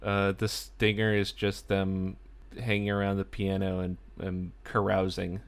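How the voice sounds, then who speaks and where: A young man recaps a sitcom episode in a relaxed vlog style. His voice sits on the low side, and he takes his time, with unhurried pacing and plenty of chatty "like" fillers. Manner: chatty, full of "like" asides. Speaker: TV episode reviewer.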